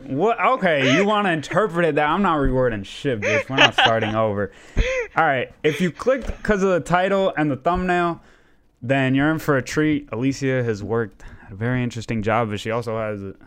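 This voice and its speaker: A man's voice: medium pitch, animated, fairly quick, a bit bright. A man hosting a casual podcast, rambling along and swearing freely. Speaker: podcast host.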